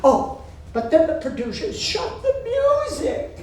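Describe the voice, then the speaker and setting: A woman's voice: extremely high pitch, wildly swooping pitch, a little slow, a little mellow, slight background noise. A woman in her nineties from Boston, telling comic stories on stage in a wry, laughing manner. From Boston, USA. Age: 90s. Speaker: cabaret performer. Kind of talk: live comic storytelling. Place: theater stage. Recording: echoey theater, far from mic.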